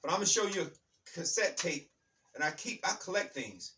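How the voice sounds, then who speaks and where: A man with a bright, slightly high voice speaks an emphatic, repetitive spiritual monologue. He keeps circling back to his points and calls his listeners "baby". His voice sits a little back from the microphone. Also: very animated, moderate pace, far from the mic, slight background noise. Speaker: channel host.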